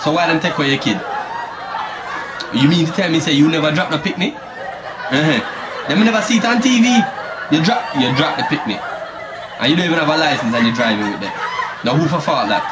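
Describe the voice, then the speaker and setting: A man's voice: a little high, expressive, fast, pauses often, over a noisy crowd, heavy background noise. Teasing man with Jamaican patois. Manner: laughing, teasing, swooping delivery. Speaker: comedic prank caller. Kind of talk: comedic phone-call sketch. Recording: loud music behind.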